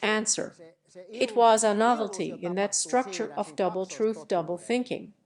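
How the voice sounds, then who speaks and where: A woman reads out a translated lecture along with its audience questions, keeping an even, measured pace throughout. She announces each question and each answer before reading it. Her voice sits at an ordinary middle pitch. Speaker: narrator voicing a lecture Q&A.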